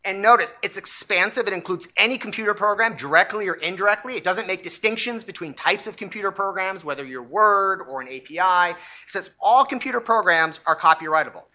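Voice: mid-range voice, animated, brisk, pushed and bright. A speaker lecturing on a court ruling, analytical and emphatic, often restarting phrases mid-thought. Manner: analytical, stop-start with frequent restarts; emphatic when stressing key points. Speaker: legal commentator.

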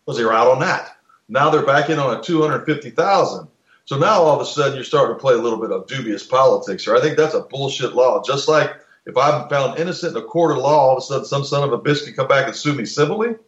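A man's voice: mid-range voice, fast talker, lo-fi sound. Blunt, profane man in a roomy room. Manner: blunt, profane, opinionated, with many restarts. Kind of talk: casual podcast talk.

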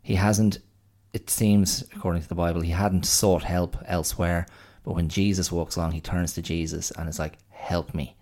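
A low, gravelly male voice with a dark, mellow tone. He hosts a podcast on his own in casual chat, rambling and musing as he thinks aloud. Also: level tone, moderate pace, few pauses. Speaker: podcast host.

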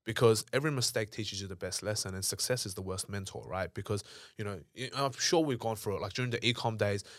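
Fast, fairly low-pitched speech from a young Australian man, recorded at studio quality without echo. He's an entrepreneur guesting on a podcast, telling candid, blunt, emphatic stories in conversation, full of swearing.

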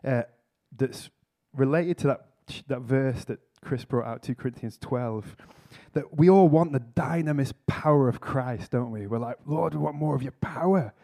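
A man's voice: mid-range voice, moderate pace, hardly any pauses, warm tone. A man giving a conference sermon, telling a story earnestly with self-mocking humour. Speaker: speaker at a church conference. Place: conference hall talk.

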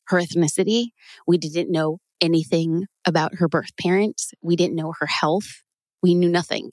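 Woman podcast guest, earnest and emotional, trips over words, low-ish voice, dead dry studio mic. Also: no room sound. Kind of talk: candid interview storytelling. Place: recording studio.

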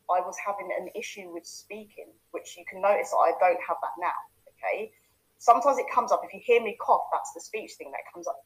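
A woman's voice: medium pitch, rough recording. A woman in her thirties from London, a coach, telling her life story in a candid, conversational way and often checking in with the listener. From London, England. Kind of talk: personal life story to camera.

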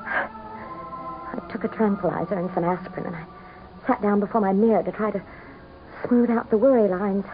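A woman's voice: mid-range voice, moderate pace, long pauses, background noise, close to an everyday voice. An actress playing an ambitious, scheming governor's wife who narrates her own cool, bitter confession in a 1970s radio drama. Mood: seething. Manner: cool, bitter, worldly first-person confession. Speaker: narrator and lead character. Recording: dull, muffled old radio broadcast with music behind.

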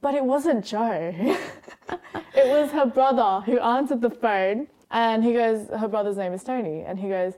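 Animated woman co-hosting a chat show. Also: on the high side, normal speed. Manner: animated storyteller who acts out voices and laughs often. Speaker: podcast co-host. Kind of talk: casual chat.

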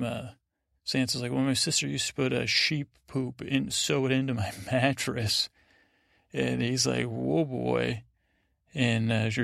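A man's voice: medium pitch, gravelly, fairly bright tone, no room sound, clean studio sound. A man hosting a sleep podcast, rambling through a loose retelling of TV scenes with quoted lines. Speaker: podcast host.

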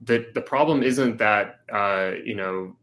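Man co-host, casual political talk, low-pitched and bright, stop-start with lots of fillers. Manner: halting, many fillers and restarts.

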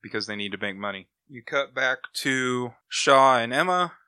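A man's voice: mid-range voice, lively intonation, moderate pace, bright, forceful tone, clear, resonant tone, no room sound. A man hosting a comic book podcast, casually retelling plots in a rambling, enthusiastic way. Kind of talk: casual chat, recapping comics.

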